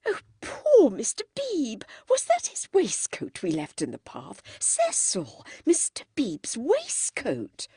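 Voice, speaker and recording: A woman's voice: high-pitched, huge pitch swings, takes it slowly, hardly any pauses, dark tone, slightly rough, no room sound, clean studio sound, voice pushed up, heavily acted. A woman voicing a fussy, easily shocked older English mother who exclaims in dismay. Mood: scandalized. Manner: exclaiming, scandalized.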